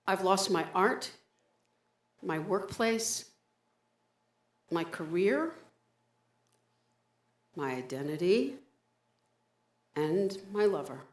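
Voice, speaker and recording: A woman performing a solo theatrical story, a dramatic present-tense monologue full of muttered self-talk, recorded live on stage at a community center. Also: medium pitch. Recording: roomy live venue recording.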